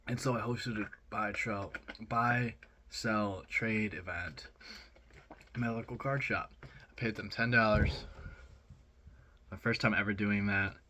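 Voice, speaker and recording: A young man telling a rambling, excited story in a casual vlog, with lots of fillers. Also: lowish voice, slow pace, pauses often, a little hiss or hum. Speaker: vlogger.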